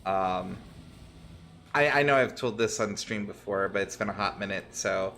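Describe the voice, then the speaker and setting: A man's voice: fairly low pitch, normal speed, creaky, pushed and bright, slight background noise. A man streaming a game, chatting casually, swearing and laughing often. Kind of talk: casual gaming chat.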